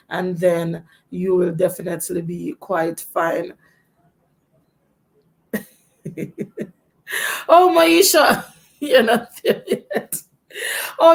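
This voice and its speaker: A Jamaican woman hosts a live question-and-answer session as a teacher. She answers viewers directly with frank, encouraging advice and often restarts sentences mid-thought. Her voice sits in an ordinary middle pitch for a woman.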